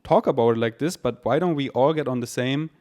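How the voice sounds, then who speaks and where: A man's voice: mid-range voice, a little fast, darkish tone. A man hosting a podcast, speaking in a rambling spiritual monologue with repeated words and casual swearing; German is his first language. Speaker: podcast host.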